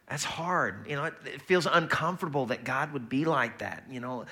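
Male pastor, casual sermon delivery, bright forceful tone. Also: medium pitch, brisk, few pauses. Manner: conversational and lively, acts out quoted voices.

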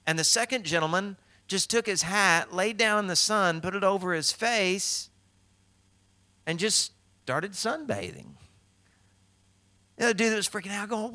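A middle-aged man preaching a sermon as pastor, telling stories and acting out quotes with lively swings in voice. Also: sits high, moderate pace. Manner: storytelling with animated acted-out quotes.

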